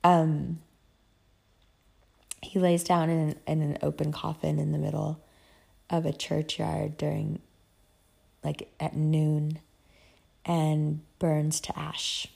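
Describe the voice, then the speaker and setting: A woman talking casually about a book series she loves, chatty and profane, telling the story with lively emotion. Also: low-pitched, slow pace, vocal fry, long pauses, husky. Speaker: book vlogger. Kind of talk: casual chat.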